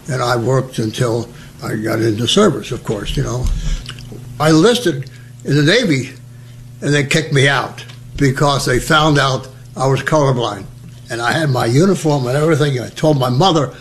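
An elderly American veteran being interviewed tells personal stories in a chatty, humorous way, acting out the voices of the people he quotes. His voice is medium-pitched, with a little hiss or hum on the recording.

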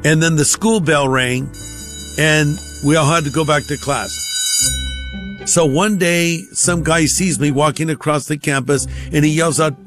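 A man's voice: fairly high pitch, fairly even intonation, unhurried, music in the background. A man giving a conversational personal testimony, acting out the voices of the people in his stories.

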